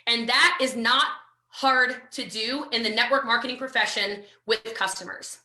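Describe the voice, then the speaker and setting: An American woman giving a live online sales training, talking in an energetic, emphatic way and repeating phrases for drive. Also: a little high, normal speed, roomy sound. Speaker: network marketing trainer.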